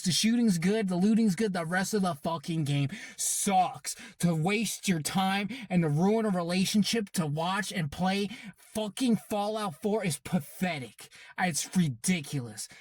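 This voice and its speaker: Male host, sarcastic profane rant, slightly high voice, dry close sound. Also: dry recording. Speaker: commentary channel host. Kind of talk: ranting reaction commentary.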